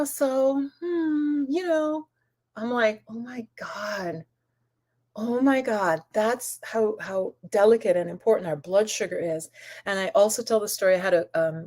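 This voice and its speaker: A woman hosting a holistic wellness channel, chatting casually on a live stream, answering comments and calling viewers goddess and my love. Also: mid-range voice. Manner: rambling, with many restarts and asides.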